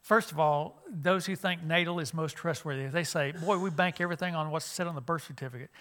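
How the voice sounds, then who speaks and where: A man's voice: on the high side, brisk, fairly bright tone. A middle-aged man, a youth minister giving a conversational church lesson with many fillers and restarts.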